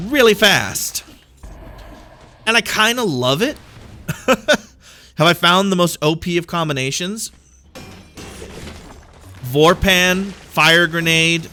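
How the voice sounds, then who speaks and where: Playful, bright-voiced male gamer. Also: mid-range voice. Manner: playful, jokey, goes off on tangents. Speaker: gaming YouTuber. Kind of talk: let's-play commentary.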